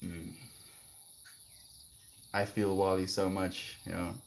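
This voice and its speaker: A man livestreaming, chatting gently and affectionately with viewers about kindness and spirituality. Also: level tone, slow pace, gravelly, slight background noise. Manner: gentle, spiritual, affectionate, breaks into high laughing bits. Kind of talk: casual chat reading viewer comments.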